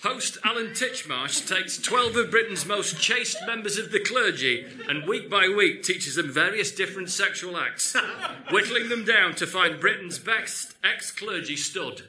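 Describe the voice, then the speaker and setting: A man on a comedy panel show delivering long mock pitches for shows. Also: animated, a little slow, a crowd in the background. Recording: loud background noise.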